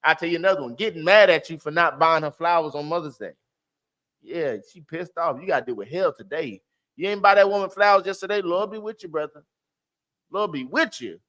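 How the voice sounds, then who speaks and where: A man leading a Bible class, teaching in a lively, preachy way with street slang and loud exclamations. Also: fairly high pitch, fairly quick.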